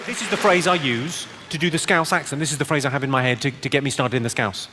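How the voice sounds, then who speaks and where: Man, stand-up comedy, deadpan, playful, noisy clip. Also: medium pitch, quick pace, few pauses, long reverb tail. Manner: deadpan, playful, slips into accents.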